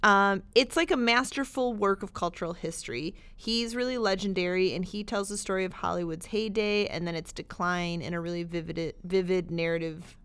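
A woman's voice: on the low side, fairly even intonation, moderate pace, few pauses, a bit bright, smooth. Chatty enthusiastic woman podcaster. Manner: enthusiastic, chatty, laughs easily. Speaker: library podcast co-host. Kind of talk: casual podcast chat.

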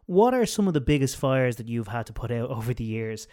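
A man's voice: mid-range voice, big pitch swings, fairly quick, dark tone. A man hosting an interview, asking questions in a friendly, easy way. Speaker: interviewer host.

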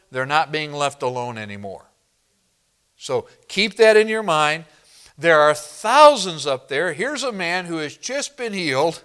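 A man preaching an expository sermon to his congregation, emphatic and direct, reading scripture slowly and deliberately. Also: a little high, fairly bright tone, clear, resonant tone. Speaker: pastor.

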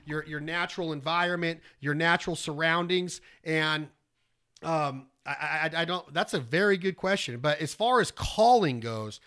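A man, teaching duck calling in a rambling, folksy way, breaking into loud duck calls. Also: a little high, moderate pace, clear, resonant tone. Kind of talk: casual instructional talk.

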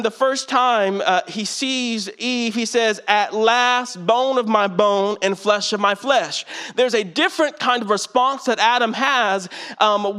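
A man's voice: high-pitched, sharp tone. A young man from California giving a sermon as guest preacher, in a conversational, joking way with many fillers.

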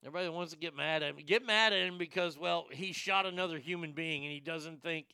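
A man hosting a casual commentary show, ranting crudely with loud profane outbursts. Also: fairly high pitch, fast talker, creaky, clean tone, no room sound, studio quality. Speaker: show host.

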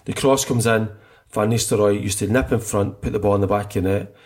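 Man, middle-aged, husky voice, eager football chat, rambling restarts. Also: fairly low pitch, steady tone, brisk, a little mellow. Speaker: podcast co-host.

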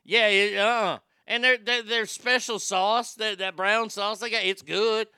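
A man's voice: high voice, steady tone, unhurried, sharp tone, smooth, no room sound, clean studio sound. A middle-aged man, rambling casually and profanely as he reads from a chat. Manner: profane, folksy, rambling with restarts. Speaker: livestream host reading chat.

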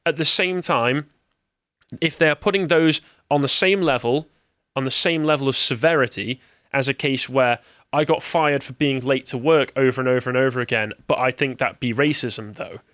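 A man's voice: medium pitch, moderate pace, fairly bright tone, no echo, studio quality. An English man co-hosting a podcast, chatting casually and sarcastically about news, reading quotes in mocking voices. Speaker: podcast co-host. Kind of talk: casual political chat.

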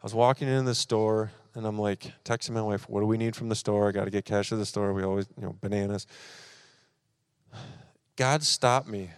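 Smooth-voiced pastor telling a story. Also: male voice, on the low side, fairly quick, dry recording, studio quality. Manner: animated storytelling, acting out his own frustration. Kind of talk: sermon with personal story. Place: church service.

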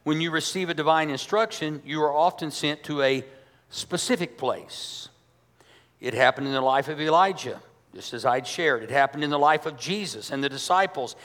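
High-voiced pastor preaching in a hall. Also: male voice, normal speed, a bit bright. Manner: emphatic, conversational preaching with rhetorical questions. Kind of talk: sermon. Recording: long hall reverb.

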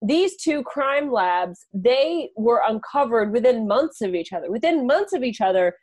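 A woman with a somewhat high voice co-hosting a casual comedy podcast. She talks at length and keeps her points flowing. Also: expressive, a little slow, darkish tone. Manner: chatty, explains at length, laughs between points. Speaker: podcast co-host.

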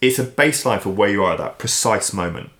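Guy on a podcast, fairly low voice, lively, acts out little voices, roomy echo. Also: quick pace. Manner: animated, acts out quoted inner voices. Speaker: podcast guest. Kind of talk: casual interview chat.

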